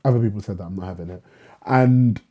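A young man, telling a lively story in a casual podcast conversation, acting out dialogue and swearing freely. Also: on the low side, fast. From England. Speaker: guest, writer.

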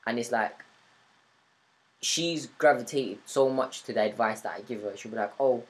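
A man's voice: mid-range voice, normal speed, low-quality recording. Young guy hosting a chill podcast chat, earnest and thoughtful, keeps talking in long runs. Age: 20s. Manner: reflective, earnest, long flowing points. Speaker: podcast host. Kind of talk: casual interview chat.

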